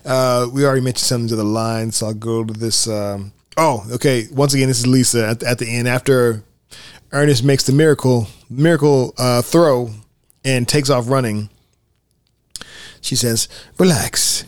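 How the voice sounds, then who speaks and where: A man co-hosting a casual film podcast, reading favorite movie quotes aloud in a relaxed way. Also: mid-range voice, normal speed, clean tone, dry recording, clean studio sound. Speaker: podcast co-host. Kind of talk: casual film commentary chat.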